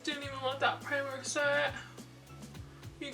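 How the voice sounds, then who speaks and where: A young woman vlogging casually to camera, flustered and rushed, laughing at herself. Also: high voice, bright, forceful tone, distant mic, faint music behind. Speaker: beauty vlogger.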